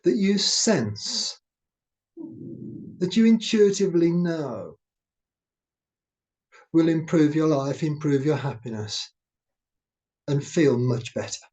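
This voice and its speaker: Male meditation teacher: warm, mellow tone, unhurried and soothing. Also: fairly high pitch, animated. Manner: slow, gentle, soothing delivery. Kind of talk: guided meditation talk.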